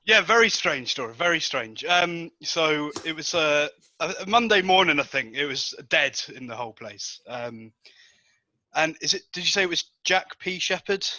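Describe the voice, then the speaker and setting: A man's voice: on the high side, expressive, moderate pace, sharp tone, no room sound. A man on a podcast, telling a rambling anecdote with lots of ums and restarts. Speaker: podcast regular telling a story. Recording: dull lo-fi dry sound.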